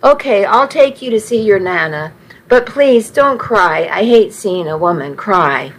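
A woman's voice: medium pitch, animated, unhurried, poor audio. A woman voicing a polite, easily flustered young man in a story.

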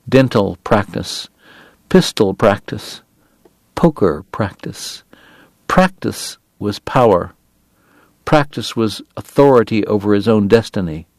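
Male audiobook narrator, deliberate, measured, fairly low voice, dry close sound. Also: lively intonation, dry recording. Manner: measured, deliberate, pausing on lists. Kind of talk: scripted novel narration.

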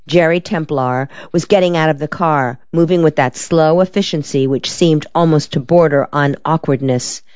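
Female audiobook narrator, low voice, measured, dry dull lo-fi sound. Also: darkish tone, no echo. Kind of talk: scripted narration of a novel.

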